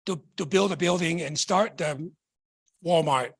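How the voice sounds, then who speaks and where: A middle-aged man from Tonga giving a motivational sales talk, excitable, shouting in bursts and repeating rhetorical questions. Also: fairly high pitch, measured pace, creaky, slightly rough. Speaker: business opportunity presenter.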